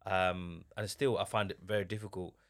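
A young man in a casual podcast chat, telling stories with lively energy, acting out what others said, often restarting his sentences. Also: deep voice, moderate pace, no room sound, studio quality. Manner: animated storyteller, acts out what others said.

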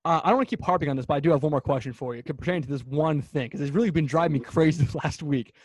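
A man co-hosting a sports podcast, ranting fast and animatedly about football in casual chat. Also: a little high, husky, dry recording. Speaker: podcast co-host.

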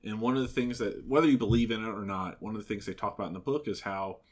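A man on a casual review podcast gives his opinions in a chatty way. His voice sits on the low side, and he leans on fillers like "you know" and "like.". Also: quick pace. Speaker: podcast co-host. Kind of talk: casual film review chat.

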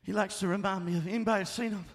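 High-pitched shouting preacher man. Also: fairly even intonation, rapid-fire. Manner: emphatic, call-and-response, often shouting and laughing. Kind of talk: sermon.

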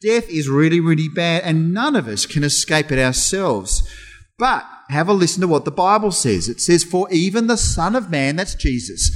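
A middle-aged man giving a lively children's talk in church, telling stories with playful sound imitations. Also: on the high side, moderate pace. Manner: animated storytelling, imitates sounds.

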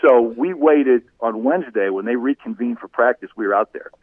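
A middle-aged man, a former sportscaster and guest, telling stories conversationally, animated and laughing often. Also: medium pitch, fairly quick, no room sound. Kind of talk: conversational storytelling. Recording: tinny phone-like line.

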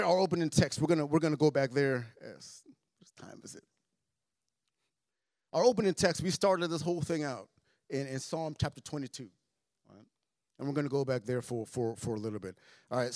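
A man with a fairly high voice preaches to his congregation, repeating phrases and swinging from hushed to loud. The sound is dry and close. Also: no echo. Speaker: pastor. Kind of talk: sermon. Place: church sanctuary.

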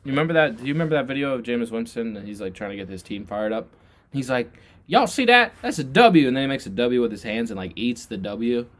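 A man's voice: rapid-fire, hardly any pauses. Joking young male podcast co-host. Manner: joking, loud bursts, jokey put-on ad pitches. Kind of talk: casual podcast banter.

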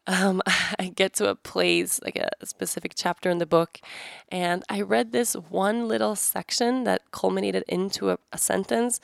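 Podcast host, woman, lowish and heavily gravelly voice, dry close sound, earnest and reflective with many restarts. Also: no room sound. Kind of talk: casual personal podcast monologue.

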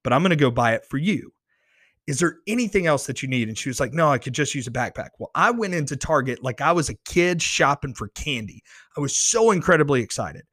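A man's voice: a little high, brisk, no echo, clean studio sound. Earnest man telling a faith story. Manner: earnest and excitable, restarts phrases when worked up. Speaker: podcast host. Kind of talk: personal faith story told to camera. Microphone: close studio microphone.

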